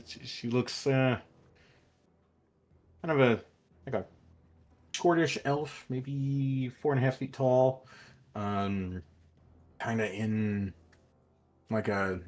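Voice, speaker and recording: A man narrating as game master of a tabletop role-playing game, halting and full of fillers as he describes scenes. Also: on the low side. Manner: hesitant, filler-heavy description.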